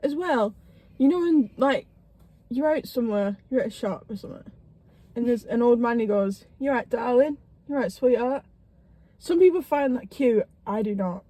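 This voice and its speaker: A woman's voice: a little high, lively intonation, moderate pace, dark tone, dry recording. A young woman, chatting casually and giggling in a parked car. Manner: giggly, adds on to stories. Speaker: podcast co-host. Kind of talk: casual chat.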